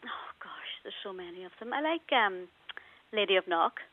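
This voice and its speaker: A woman's voice: medium pitch, expressive, moderate pace, phone-quality sound. Giggly Irish woman on the phone. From Ireland. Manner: giggly, good-humoured. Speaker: caller. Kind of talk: radio phone-in chat.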